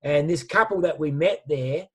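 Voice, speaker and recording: A man speaks with lively, slangy enthusiasm, pitched a little high for a man. He sounds like a motivational speaker telling stories over a video call. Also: moderate pace, slightly rough. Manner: animated, storytelling with slang. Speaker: guest speaker. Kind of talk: motivational talk.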